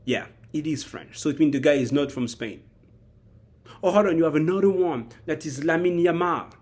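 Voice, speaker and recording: A man giving a rambling, animated spoken analysis of a football match, often acting out quotes. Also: fairly high pitch, normal speed. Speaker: football commentator.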